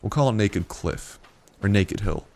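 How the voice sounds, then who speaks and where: A man's voice: lowish voice, animated, unhurried, gravelly, darkish tone, slight background noise. A young man casually commentating a survival game, playful and joking with profane asides. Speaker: gameplay commentator. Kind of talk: casual let's-play commentary.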